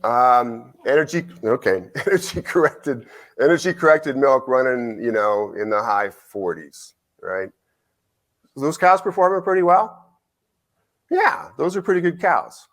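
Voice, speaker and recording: A middle-aged man giving a conference lecture. He tells an anecdote in an animated way, acts out both sides of the conversation and often asks "right?". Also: mid-range voice, a little slow. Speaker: nutrition researcher giving a conference talk. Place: lecture hall.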